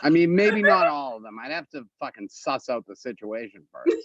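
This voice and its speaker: A man's voice: a little high, sing-song, normal speed, noisy background. Brash, profane man on a muffled line. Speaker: comedian debater. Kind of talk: comedic debate banter.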